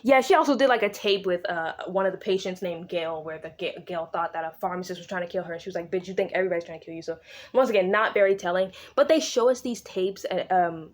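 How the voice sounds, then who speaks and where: Slangy young woman recapping a book. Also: on the low side. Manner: slangy, swears freely, acts out characters' lines in quick asides. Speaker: book vlogger recapping a novel. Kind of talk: casual chatty book recap.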